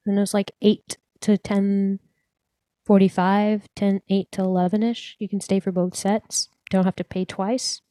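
A woman's voice: mid-range voice, little pitch movement, unhurried, warm tone, no echo, clean studio sound. A young woman co-hosting a podcast, chatting casually and filling her talk with "like". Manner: chatty, lots of "like" fillers. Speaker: podcast co-host. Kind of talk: casual chat.

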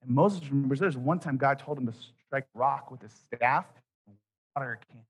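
A man in his thirties preaching a sermon, telling a story with quoted voices and dropping soft at key points. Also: mid-range voice, normal speed, breathy edge. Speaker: pastor.

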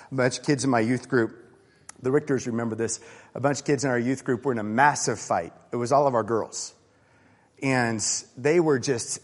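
A man's voice: mid-range voice, big-room sound. A middle-aged man preaching a sermon, earnest and personal, telling stories and reading scripture aloud. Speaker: pastor.

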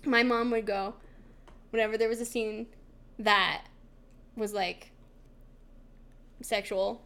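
A fairly high-voiced woman chatting as a podcast co-host. She tells stories with a lot of animation, jumping way up in pitch to act out the people in them. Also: takes it slowly. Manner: animated storyteller, mimics voices with big pitch jumps. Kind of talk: casual chat.

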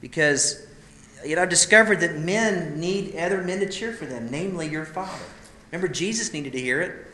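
Male preacher, heartfelt storytelling, goes loud then hushed, roomy live sound. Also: fairly high pitch, fairly quick. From Idaho, USA. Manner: emotional, intimate storytelling that swells and drops. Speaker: speaker at a men's gathering. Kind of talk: sermon storytelling.

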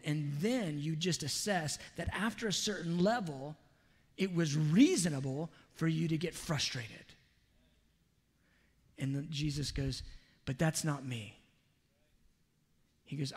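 A man preaching a sermon, telling a personal story in an earnest, confessional way with soft asides. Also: on the high side, in a large hall. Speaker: pastor.

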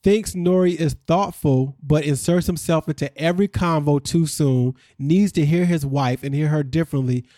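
A man's voice: a little high, normal speed, hardly any pauses, warm tone, no room sound, studio quality. A man hosting a podcast, recapping a reality show in casual chat and acting out what people said.

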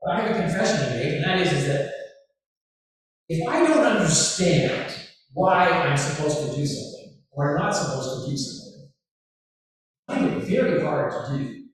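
A man's voice: on the high side, expressive, normal speed, pauses often. A man preaching a sermon as pastor, talking conversationally with rhetorical questions and asides. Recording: echoey hall from far off.

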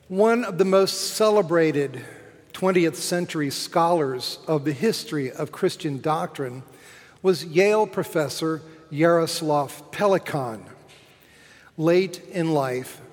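A man delivers a sermon from a cathedral, his somewhat high voice ringing through a long reverb. He speaks slowly, in measured phrases that lift for emphasis. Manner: slow, measured preaching with emphatic rises. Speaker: cathedral dean. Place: large cathedral.

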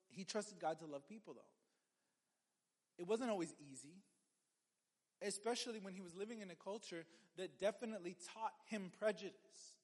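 A man's voice: high voice, long reverb tail. A man preaching a sermon as a pastor, in a conversational way with joking asides and frequent restarts.

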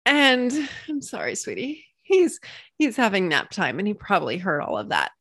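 A woman's voice: wildly swooping pitch, normal speed, fairly bright tone, no echo, studio quality. Bubbly woman hosting a solo podcast. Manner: bubbly, swings into high squealing cheerleader praise. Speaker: podcast host and coach. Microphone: computer mic.

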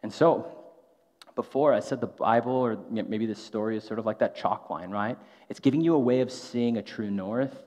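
With a fairly low, darkish voice at an ordinary pace, a male pastor preaches in an easygoing, conversational manner. He habitually tosses in a rhetorical "right?". The clip has a dull lo-fi sound and a long hall reverb.

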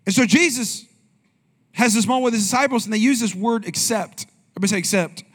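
A man with a notably high voice preaches in a loose, talky way, firing questions at the congregation and bouncing between jokes and scripture. He sounds like a young adult pastor speaking from the pulpit. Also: quick pace. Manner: conversational, asks the congregation questions. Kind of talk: sermon.

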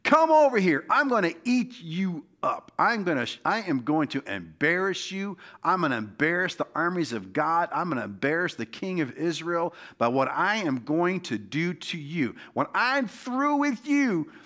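A man acting out a huge, contemptuous giant warrior who shouts taunts at his foe. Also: on the high side, very animated, normal speed, hardly any pauses, pitched above the performer's own voice. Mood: roaring taunts.

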